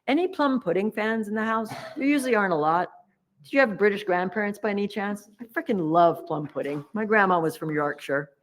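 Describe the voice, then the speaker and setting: A woman meditation teacher giving a humorous dharma talk, retelling a story in a chatty, animated way and playfully acting out its characters. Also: medium pitch, brisk.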